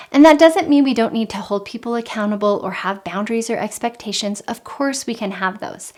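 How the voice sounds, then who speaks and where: Calm, earnest woman coaching parents. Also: fairly high pitch. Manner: calm, earnest, with frequent repetition. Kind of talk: instructional parenting talk.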